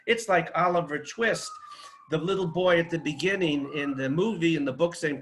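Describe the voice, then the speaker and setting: A man speaks at a seminar with passion, piling up rhetorical lists and pointed challenges. His voice sits a little higher than most men's, and his delivery is forceful and declamatory. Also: lively intonation, moderate pace, a little hiss or hum, rough recording. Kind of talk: impassioned seminar talk.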